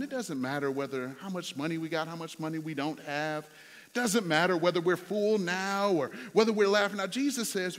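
A man's voice: high-pitched, moderate pace, a bit bright. Man preaching in a reverberant hall. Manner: conversational storytelling with fillers. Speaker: pastor. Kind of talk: sermon.

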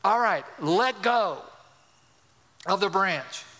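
A preacher voicing a patient divine voice from the sky that asks questions calmly, in a hall with a long echo. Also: male voice, high voice, slow, full character voice. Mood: reassuring.

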